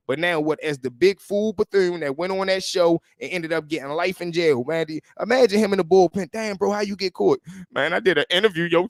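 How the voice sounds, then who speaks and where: A man hosting a casual livestream, talking in animated slang and greeting people in the chat. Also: sits high, no echo, clean studio sound. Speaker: livestream host.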